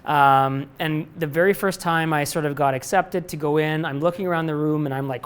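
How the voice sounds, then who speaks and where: A man's voice: on the high side, fairly even intonation, brisk, hardly any pauses, clean tone. A middle-aged man, a company president, answering student questions in a live talk, candid and rambling with frequent restarts and casual swearing. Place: lecture room before a live audience.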